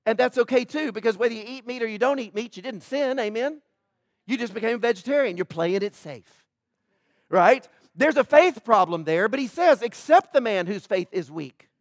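High-voiced joking male pastor. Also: moderate pace, no room sound, clean studio sound. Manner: animated, joking, acts out quoted voices. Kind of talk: sermon.

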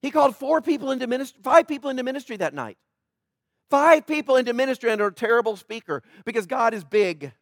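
A male pastor with a very high voice delivers an animated, conversational sermon. He keeps turning to the congregation with asides and jokes. The sound is dry and close, with no room echo. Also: fast talker. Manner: conversational preaching, often asking the congregation "right?".

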